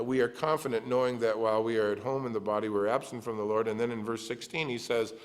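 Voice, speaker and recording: A middle-aged male pastor preaching a sermon, reading scripture aloud and adding earnest, conversational asides. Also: mid-range voice.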